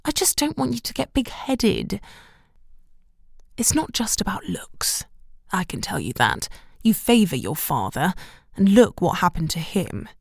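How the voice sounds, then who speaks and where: A woman's voice: medium pitch, wildly swooping pitch, unhurried, creaky, breathy edge, no echo, in a whisper, studio quality, exaggerated voice. A woman reading the part of a bitter, disapproving middle-aged mother in an audiobook, clipped and reproachful. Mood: critical.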